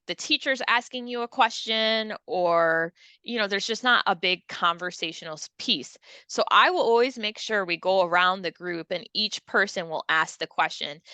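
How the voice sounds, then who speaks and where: Bright, upbeat woman language teacher. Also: lowish voice, clear, resonant tone, no room sound. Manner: upbeat, laughs often, demonstrates sounds. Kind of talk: casual interview chat.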